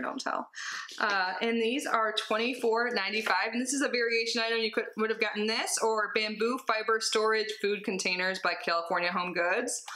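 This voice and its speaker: A young woman chatting casually as she unboxes a subscription box at home, bubbly and excitable with giggly asides. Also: fairly high pitch, roomy sound, a little hiss or hum. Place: home, with cats.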